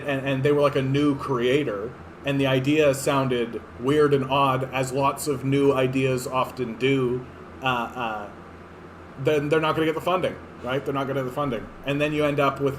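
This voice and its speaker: This Canadian man in his thirties is a political streamer with a medium-pitched voice and a faint hiss or hum in the audio. He rambles through casual commentary on clips, sarcastic and profane, with plenty of fillers and restarts.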